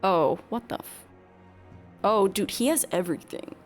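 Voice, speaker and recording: A woman's voice: medium pitch, unhurried, soft background music. A young woman streamer chatting casually, reading game text aloud and commenting with laughs and the odd swear.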